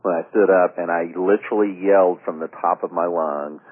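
A man's voice: low voice, steady tone, brisk. A man co-hosting a radio talk show, a former pastor telling stories in a rambling way with many fillers. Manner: rambling storyteller, trails off with fillers. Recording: narrow phone-like radio sound.

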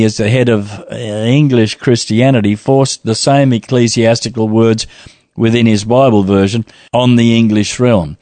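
A man in casual conversation, reading out a long listener email and breaking off to joke and laugh. His voice sits at an ordinary middle pitch. The recording is close and dry, with no room sound. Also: a little mellow, no room sound. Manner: chatty, laughs often, playful asides. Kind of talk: casual chat.

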